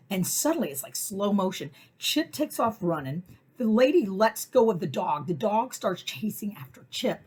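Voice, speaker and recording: A middle-aged woman telling personal stories in a casual, chatty way, often acting out what people said in high voices. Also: a little fast, husky. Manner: chatty, animated, acts out quotes in high voices. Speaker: weekly message host.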